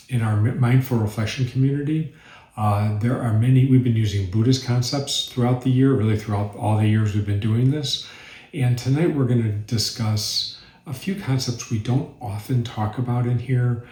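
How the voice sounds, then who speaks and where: A man leading a mindful reflection group, giving a calm, thoughtful spiritual talk with occasional restarts. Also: lowish voice. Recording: echoey room.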